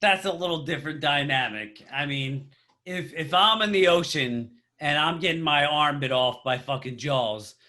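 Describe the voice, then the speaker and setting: A man's voice: on the high side, normal speed, pushed and bright. A man in casual podcast chat, reasoning aloud with hesitant restarts.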